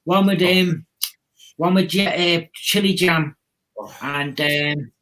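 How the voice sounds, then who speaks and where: Scouse stream host, higher register, laid-back and rambling. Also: male voice, takes it slowly, fairly bright tone, rough recording. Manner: rambling, easygoing, chuckling between points. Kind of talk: casual chat.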